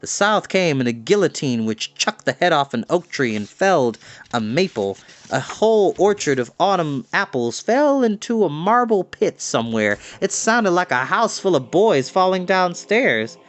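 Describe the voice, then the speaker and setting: A man reading a book aloud as a storyteller, in a dramatic, expressive way. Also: fairly high pitch, moderate pace.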